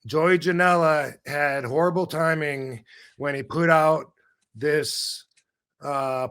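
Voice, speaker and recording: A man hosting a podcast, his voice sitting a little higher than most men's. He rambles in loose casual chat, swears freely and keeps restarting his sentences. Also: fairly bright tone. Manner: rambling, profane, self-interrupting. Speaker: podcast host.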